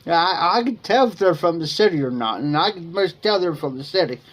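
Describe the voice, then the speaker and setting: Slightly high and expressive, this Ohio man talks briskly as a livestream host. He rambles through folksy stories packed with slang, chuckling as he goes, in a casual chat picked up by his streaming microphone.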